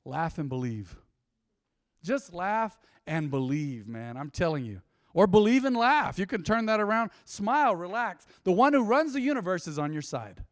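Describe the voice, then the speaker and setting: A man preaching a sermon, swinging between loud swells and quiet, intimate drops. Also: high voice, big pitch swings, moderate pace, dry recording, clean studio sound. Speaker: pastor. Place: church.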